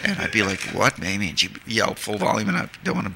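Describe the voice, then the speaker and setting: Gravelly, bright-voiced man telling stories. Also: on the low side, very animated, fast, slight background noise. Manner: rambling, with many fillers. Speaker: guest filmmaker. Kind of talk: casual interview storytelling.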